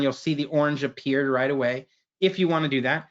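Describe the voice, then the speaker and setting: A man presenting a webinar, walking through a software screen share in a casual way and tagging his sentences with "right?". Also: mid-range voice, steady tone, brisk, highs cut off. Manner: casual, keeps asking "right?".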